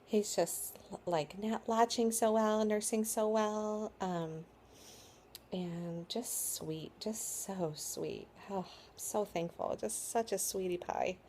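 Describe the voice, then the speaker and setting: A woman's voice: mid-range voice, steady tone, slow, a little mellow, a little hiss or hum. A tired woman in her thirties casually telling a birth story to camera, rambling with lots of likes and ums. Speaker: vlogger.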